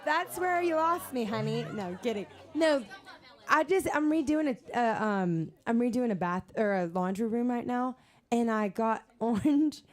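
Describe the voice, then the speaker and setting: Giggly high-voiced woman bantering on stage. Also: normal speed, some chatter behind. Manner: giggly, animated storytelling. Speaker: singer performing live. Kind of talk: onstage banter between songs. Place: small live music venue.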